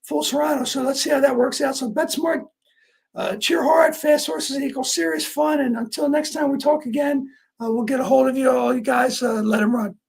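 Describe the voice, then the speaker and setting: A man hosting a casual horse racing betting chat, talking through his picks in a rambling, earnest way, his voice sounding high and squeaky. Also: fairly even intonation, moderate pace, creaky. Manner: rambling, full of fillers, earnest. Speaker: horse racing handicapper host.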